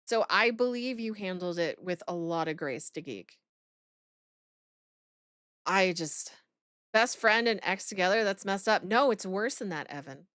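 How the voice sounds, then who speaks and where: A woman's voice: medium pitch, expressive, unhurried, long pauses, a bit bright, no echo, studio quality. A woman streaming live, reacting aloud with lots of exclaiming and swearing and talking to her chat.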